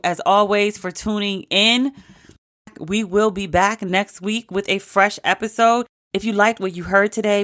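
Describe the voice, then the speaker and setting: A woman in her forties hosting her podcast alone, telling stories in an animated, emphatic way with lots of repetition. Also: lowish voice, no echo, studio quality. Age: 40s. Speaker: podcast host. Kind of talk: casual solo podcast talk.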